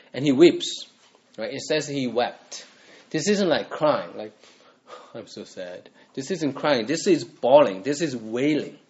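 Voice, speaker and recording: A man's voice: medium pitch, muffled recording. Man preaching a conversational sermon. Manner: conversational preaching, asks rhetorical questions. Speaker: pastor.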